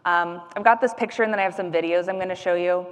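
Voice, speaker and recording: A woman's voice: lowish voice, steady tone, fast talker, smooth, big-room sound. A woman speech-language pathologist giving an educational presentation, explaining patiently with frequent fillers and demonstrating sounds.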